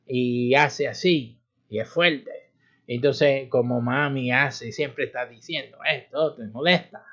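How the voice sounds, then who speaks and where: A man pastor giving an informal sermon teaching, with a demonstrative manner, acting out stern warnings and chuckling. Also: a little high. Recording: dull lo-fi livestream audio.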